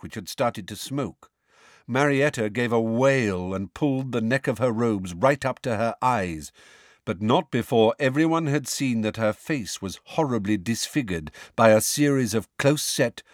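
A man narrating an audiobook in expressive scripted storytelling. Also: on the low side, dry recording, clean studio sound.

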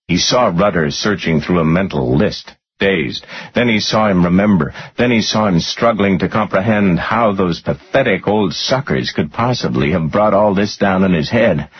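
A man narrating a thriller audiobook in a dramatic, expressive reading. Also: low-pitched, normal speed, few pauses, husky. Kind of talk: scripted narration. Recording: muffled lo-fi audio.

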